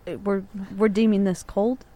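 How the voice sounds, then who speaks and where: A woman chatting casually on a podcast, relaxed and drawn out. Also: medium pitch, moderate pace. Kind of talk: casual chat.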